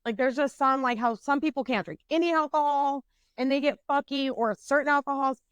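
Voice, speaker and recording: A woman's voice: high voice, fairly quick, dry recording, muffled recording. A woman in her twenties, a podcast co-host, casually telling a profane, self-mocking story with rambling fillers and restarts.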